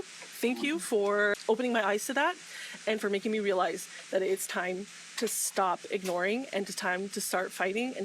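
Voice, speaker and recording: A woman's voice: medium pitch, a bit bright, slight background noise, poor audio. A woman speaking with passion in a casual group talk, repeating herself and laughing often. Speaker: guest speaker in a live fan discussion.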